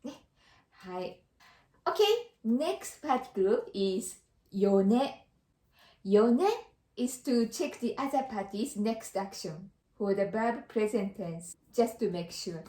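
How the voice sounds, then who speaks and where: A woman's voice: medium pitch, expressive, takes it slowly, dark tone, reverberant. A Japanese woman teaching a casual language lesson in English, repeating example phrases and dropping in Japanese fillers.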